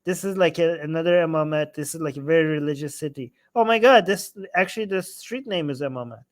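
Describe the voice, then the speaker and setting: Man, fairly high voice, casual reaction commentary, animated, exclaiming, mimicking quoted lines. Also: fast talker. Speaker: commentator translating a video.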